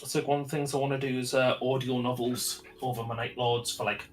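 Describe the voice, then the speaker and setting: A man's voice: medium pitch, flat delivery, quick pace, slight background noise. Eager man rambling with "like" fillers. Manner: eager, filler-heavy, lots of "like". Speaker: guest hobbyist. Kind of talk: casual chat.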